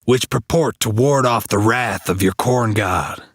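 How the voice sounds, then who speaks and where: A man voicing a pompous male anthropologist who lectures in brisk, jargon-heavy sentences. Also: fairly low pitch, no echo, clean studio sound. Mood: lecturing.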